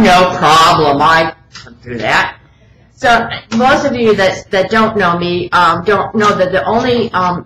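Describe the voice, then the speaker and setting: A woman with a bright, forceful voice tells a self-mocking story from the pulpit and acts out her own lines with energy. Her voice rings in a large echoey hall with a faint hum behind it. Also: medium pitch. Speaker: speaker at a spiritual center. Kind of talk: casual storytelling sermon.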